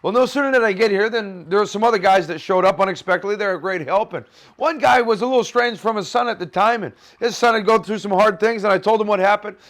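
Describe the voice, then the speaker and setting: A male pastor with a very high voice tells a story from the pulpit at a brisk clip. He talks conversationally and slips into the voices of the people in his anecdote. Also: fairly bright tone. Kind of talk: storytelling sermon.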